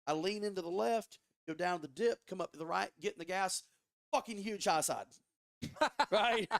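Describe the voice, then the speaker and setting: A man guest on a podcast telling a story in a casual, animated way, swearing often and restarting his sentences. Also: high voice, normal speed, gravelly, no room sound, clean studio sound. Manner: animated, profane, frequent restarts. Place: studio.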